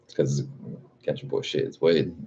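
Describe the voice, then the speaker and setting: Very deep-voiced casual male streamer. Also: takes it slowly, creaky, dark tone, slightly rough, muffled recording. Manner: laid-back, profane, reads chat comments aloud. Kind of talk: casual livestream chat.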